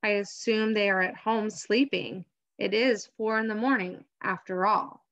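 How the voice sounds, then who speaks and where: A woman reading aloud as a quiet, protective mother in a storybook, on a dull lo-fi recording. She speaks softly and pleads for calm. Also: mid-range voice, a little slow. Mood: pleading. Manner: soft, pleading.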